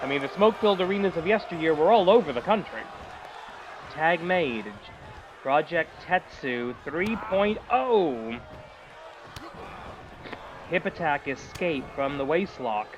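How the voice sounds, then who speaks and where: A man doing excitable, jokey play-by-play commentary for a wrestling show. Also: fairly high pitch, a little slow, long pauses. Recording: loud crowd and noise behind.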